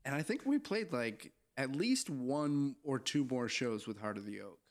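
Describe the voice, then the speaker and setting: A man's voice: mid-range voice, moderate pace. A young man from Southern Maine and band member, joking and laughing as he tells stories in a casual chat. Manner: lively, joking, laughs often.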